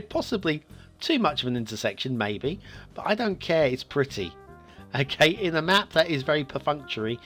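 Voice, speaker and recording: A man's voice: mid-range voice, fairly bright tone. A man hosting a map review show, giving rambling, casual commentary on a game map with frequent chuckles and self-mocking asides.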